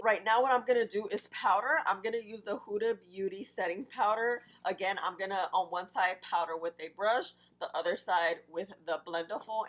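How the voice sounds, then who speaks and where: Young woman doing a makeup review, kinda deep morning voice, chatty and excited. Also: poor audio. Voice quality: fairly deep voice. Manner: chatty, excited, talks to viewers. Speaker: beauty vlogger.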